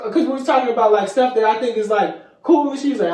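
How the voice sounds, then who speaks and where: A man's voice: high-pitched, racing, dark tone. A young man co-hosting a podcast, rambling and circling back to his point as he talks. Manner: rambling, circles back with "you know what I'm saying". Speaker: podcast co-host. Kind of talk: casual chat. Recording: echoey room, mic at a distance.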